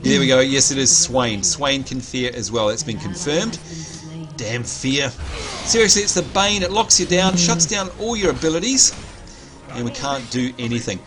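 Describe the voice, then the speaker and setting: A man, co-hosting a live game stream and chatting excitedly to viewers. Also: mid-range voice, normal speed. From New Zealand. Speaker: livestream co-host. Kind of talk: live gaming commentary. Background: game music.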